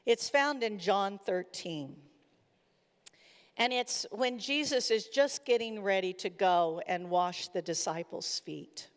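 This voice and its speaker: Woman preaching in a college chapel, earnest storyteller, mid pitch, big echoey hall sound. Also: takes it slowly. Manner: earnest storyteller, retells dialogue. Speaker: chapel speaker. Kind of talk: sermon.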